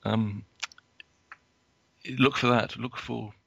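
A man giving a prepared talk from notes as a guest, halting, with many restarts and fillers. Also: lowish voice, steady tone, gravelly, fairly bright tone, slightly rough, dry recording, highs cut off. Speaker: guest speaker.

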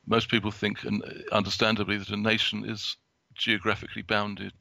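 A man with a heavily gravelly, creaky voice and a bright, sharp edge to it. He talks from prepared notes in a halting way, stopping and restarting his sentences often. The recording is close and dry. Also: on the low side, level tone, dry recording. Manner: halting, with many restarts and fillers. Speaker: guest speaker.

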